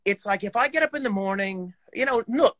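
A man on a video call chatting casually, animated and swearing, with lots of fillers. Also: sits high, brisk, no echo. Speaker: guest horn player.

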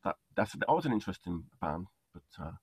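A man's voice: low-pitched, sing-song, fast, a little mellow, husky, no echo. A man hosting an interview over a video call, chatty and enthusiastic with lots of fillers. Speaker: podcast host. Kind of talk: casual interview chat.

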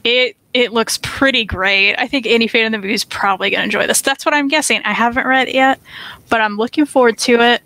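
A woman in her thirties co-hosting a casual comic book review show, chatty and quick to laugh. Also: a little high, bright, forceful tone, no room sound, poor audio. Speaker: co-host. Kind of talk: casual chat.

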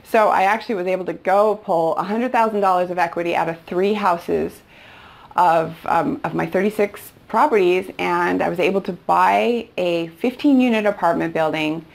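Low, gravelly middle-aged woman telling stories. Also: moderate pace. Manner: retells past conversations, with quoted dialogue. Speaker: real estate investing instructor. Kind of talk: storytelling course lesson.

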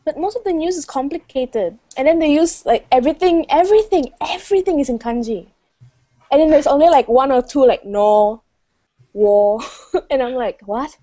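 A young woman chatting casually in a group hangout, giggly and animated, laughing often. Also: high voice, normal speed. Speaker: hangout guest. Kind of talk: casual chat.

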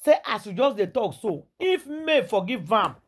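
A woman's voice: a little high, big pitch swings, normal speed, slightly rough. A Nigerian woman delivering dramatic celebrity gossip in Pidgin English, theatrical and full of exclamations and repetition.

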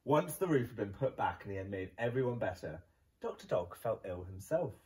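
Lively male teacher reading a storybook. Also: lowish voice, a little fast, far from the mic, rough recording. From England. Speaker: primary school teacher. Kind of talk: reading a children's picture book aloud.

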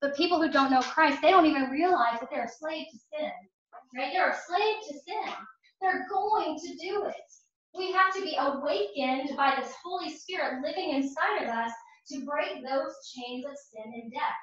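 A woman's voice: high-pitched, moderate pace, a bit bright. A woman teaching a parish faith class, telling personal stories with earnest, emphatic repetition. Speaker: catechist. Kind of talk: faith formation class talk. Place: church hall or parish classroom. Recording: echoey room, far from mic, dull sound.

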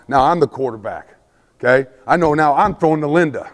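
A man giving a football coaching clinic lecture, emphatic, forever checking in with his listeners and acting out shouted play calls. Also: a little high, animated, a little fast, big-room sound.

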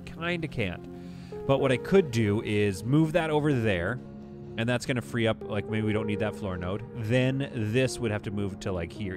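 A low-voiced man streams a game live, delivering exasperated, self-deprecating play-by-play punctuated by sudden outbursts.

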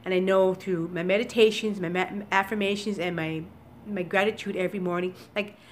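A woman talking to her viewers in a casual daily vlog from home, emotional and teary, speaking haltingly with many restarts into a computer webcam. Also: mid-range voice, steady tone, a little hiss or hum. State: upset and teary. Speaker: vlogger. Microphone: computer webcam recording.

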